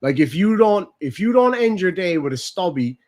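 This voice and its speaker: Profane, animated young man chatting. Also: sits high, moderate pace. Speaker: streamer host. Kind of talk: casual chat.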